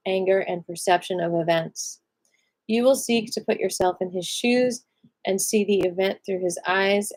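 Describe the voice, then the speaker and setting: A woman's voice: medium pitch, a little mellow. Tired woman reading a book aloud. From American. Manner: reads aloud steadily, breaking off for chatty asides. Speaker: live book reader. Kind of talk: live reading of a self-help book with asides.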